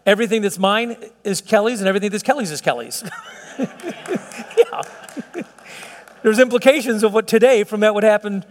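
Earnest preacher man, high voice, hall reverb. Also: fast talker. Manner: earnest, conversational preaching with frequent restarts and chuckles. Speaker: pastor. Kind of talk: sermon.

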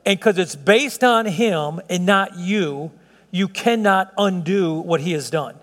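Brief: middle-aged male pastor, high-pitched, earnest and chatty, church hall with long echo. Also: slow, a bit bright. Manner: earnest, conversational preaching with frequent restarts and chuckles. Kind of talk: sermon.

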